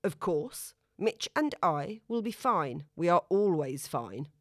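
A woman voicing Olga, a stern, ever-prepared woman who speaks in slow, clipped, curt phrases. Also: fairly low pitch, big pitch swings, no room sound, clean studio sound, exaggerated voice.

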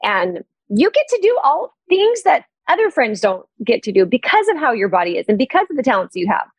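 Lively woman with a higher voice. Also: a little fast, husky, no room sound. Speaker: guest. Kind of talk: interview conversation.

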